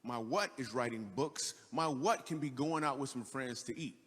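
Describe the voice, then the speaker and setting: A man's voice: medium pitch, normal speed, a bit bright, slightly rough. A man who is a stand-up comedian, speaking conversationally with loose fillers in a played video clip. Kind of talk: casual speech in a played video. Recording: video clip with long hall reverb.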